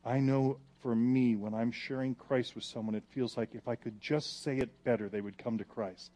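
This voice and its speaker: Guy preaching, gets loud on the verses then goes real quiet and pleading. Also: medium pitch, normal speed. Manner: animated, swings from loud reading to hushed pleading. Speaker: pastor. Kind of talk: sermon.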